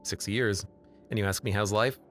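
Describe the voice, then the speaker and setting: A man's voice: on the low side, steady tone, moderate pace, fairly bright tone, a little hiss or hum, close to an everyday voice. A man voicing a bitter, threatening male salt-creature warrior in a video game, sarcastic and menacing.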